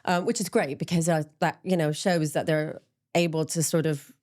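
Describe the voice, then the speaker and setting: A woman's voice: low voice, fairly even intonation, moderate pace, a little mellow. A middle-aged woman speaking openly in an interview, with frequent ums and laughing at herself as she talks. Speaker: interview guest, menopause support group founder. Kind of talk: candid conversational interview.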